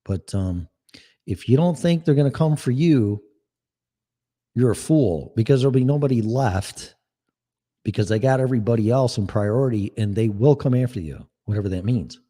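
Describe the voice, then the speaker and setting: Sarcastic, rambling man, low mellow voice. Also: in a large hall. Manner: rambling, sarcastic, swears freely. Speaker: podcast host. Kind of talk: casual monologue reading chat.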